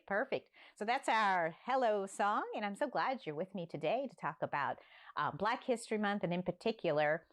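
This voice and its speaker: A woman from Newfoundland hosting a library story time, talking warmly and playfully straight to young children. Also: on the low side. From Newfoundland, Canada. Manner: animated, coaxing, talks straight to young children.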